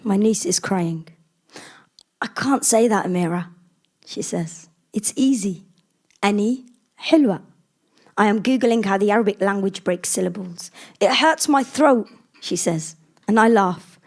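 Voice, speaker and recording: A woman's voice: medium pitch, moderate pace, darkish tone. A young woman from England performing spoken word poetry at a conference, with a rhythmic, emphatic delivery. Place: conference room before an audience.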